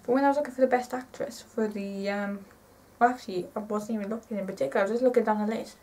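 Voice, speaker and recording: Excitable woman, far from mic. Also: medium pitch, quick pace. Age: 20s. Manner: rambling, excitable, self-correcting. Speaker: vlogger. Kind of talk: casual chat to camera.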